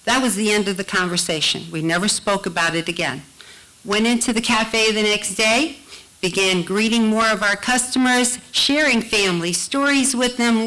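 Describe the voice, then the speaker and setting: A woman telling a heartfelt personal story to an audience at a live storytelling event, slowing down to lean on key phrases. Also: medium pitch, fairly bright tone, low-quality recording. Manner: heartfelt, slows for emphasis.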